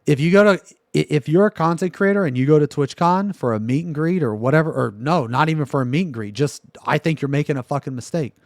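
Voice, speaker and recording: A man streaming live, ranting in a profane, exasperated way that swings from loud outbursts to low muttering. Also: quick pace, dry recording, clean studio sound. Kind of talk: livestream reaction rant.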